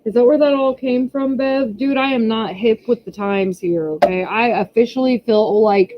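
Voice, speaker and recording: A woman's voice: a little high, moderate pace, slight background noise. A woman hosting a casual livestream from home, talking in a chatty, exasperated way about her kids. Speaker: channel host. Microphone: camera pointed down. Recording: slightly muffled lo-fi audio.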